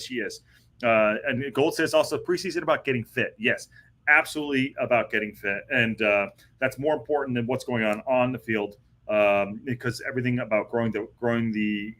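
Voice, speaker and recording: A man's voice: medium pitch, fairly bright tone. A man hosting a live football podcast, chatting casually and rambling with lots of fillers and restarts. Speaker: podcast host. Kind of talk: casual live-stream chat.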